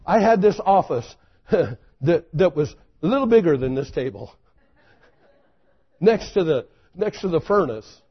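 A man preaching a sermon, telling a story dramatically, swinging from loud exclamations to hushed intensity. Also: a little high, a little slow, long pauses, dull audio.

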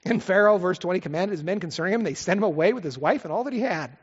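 A man's voice: high-pitched, expressive, very fast, slightly rough. A middle-aged man preaching a conversational sermon from the pulpit, full of asides and rhetorical questions. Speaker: pastor. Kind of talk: expository sermon. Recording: echoey hall, slightly dull sound.

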